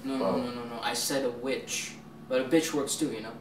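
A man's voice: mid-range voice, quick pace, natural voice. A man playing a stammering, evasive young guy. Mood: dismissive. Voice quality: stammering, repeats words. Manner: evasive and dismissive, flares into anger. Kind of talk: short film acting. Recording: roomy echo, distant mic, background hiss.

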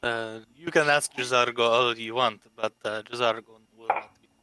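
A man's voice: mid-range voice, steady tone, normal speed. Laid-back man over a noisy mic. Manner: speaks of his character in third person, laid-back. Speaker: player. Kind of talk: tabletop role-play.

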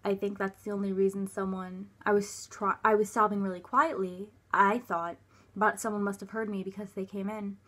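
A young woman telling a personal story in a halting, hesitant way, full of fillers, sometimes dropping to a quiet, soft voice. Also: medium pitch, flat delivery. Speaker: vlogger.

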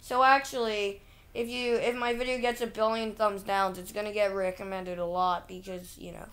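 A woman's voice: medium pitch, little pitch movement, fairly bright tone, smooth. A woman hosting a casual vlog, reacting to things online in a ranting, exasperated way. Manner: ranting, easily exasperated, slow-talking. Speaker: channel host.

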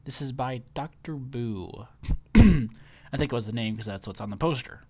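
Young guy doing a lets play, jumpy and excitable, voice bouncing up and down a lot. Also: medium pitch, normal speed, husky. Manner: excitable, lots of startled exclamations. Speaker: let's play host. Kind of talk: casual gameplay commentary.

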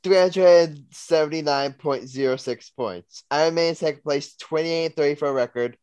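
A young man hosts a casual sports podcast and runs through bet results and league standings with upbeat energy. His voice sits fairly high and sounds smooth and resonant. The sound is close and dry. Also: moderate pace, darkish tone, dry recording. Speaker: podcast host.

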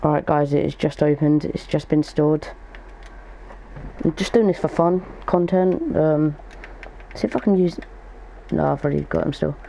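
Young man, casual gaming commentary, gravelly voice, mellow tone, thinking out loud. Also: on the high side, moderate pace, a little hiss or hum, low-quality recording. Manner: chatty, thinks aloud while opening packs. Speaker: gaming YouTuber.

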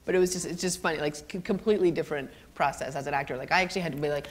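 An animated middle-aged woman, a guest actor telling stories on a college stage, laughing often. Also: low-pitched, very fast. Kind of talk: storytelling on a college stage interview.

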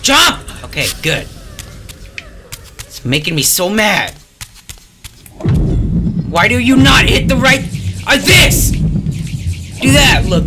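A man giving gameplay commentary, sarcastic and frustrated, yelling at the game. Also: sits high, background noise. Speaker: let's play gamer. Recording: game music behind the voice. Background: game music.

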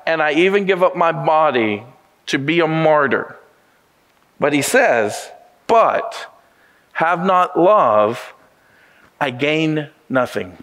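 Emphatic preaching man, fairly high voice. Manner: preaching with emphatic rises and slowed stresses. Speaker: pastor. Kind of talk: sermon.

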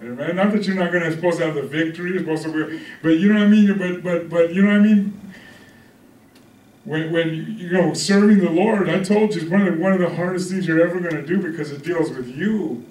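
A pastor preaching a conversational sermon, often checking in with the congregation. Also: male voice, on the high side, a little fast, darkish tone, slight background noise. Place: church hall. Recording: echoey room from a distance.

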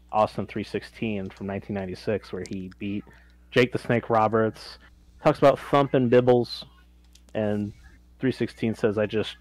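A man's voice: fairly low pitch, darkish tone, no echo. A man co-hosting a casual podcast, recapping wrestling in a matter-of-fact way with short, dry replies. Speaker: podcast co-host.

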